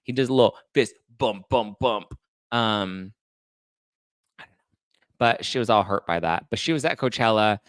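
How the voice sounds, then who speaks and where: A man hosting a casual celebrity gossip show, talking in a campy, shade-throwing way with quick asides. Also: on the low side, clean tone, dry recording, studio quality. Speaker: podcast host.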